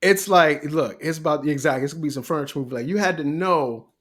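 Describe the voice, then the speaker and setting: A man co-hosting a podcast, talking casually and getting animated and laughing as he recounts scenes. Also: a little high, fast. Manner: animated, laughs often, gets excited. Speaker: podcast co-host.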